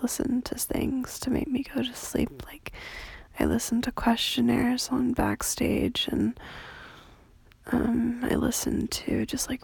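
A woman who has just woken up and is still congested and nasal from a cold, rambling casually in a soft voice with many fillers. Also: creaky, breathy edge, dry recording. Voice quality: deeper than usual. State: just woke up, sleepy.

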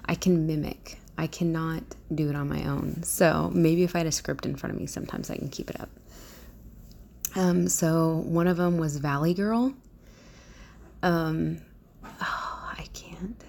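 A woman audio creator from the Southern US talks casually to her listeners. Her voice is low for a woman and has a gravelly edge. She speaks with careful, clear diction but sounds hesitant and self-deprecating. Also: a little slow, a little mellow, a little hiss or hum.

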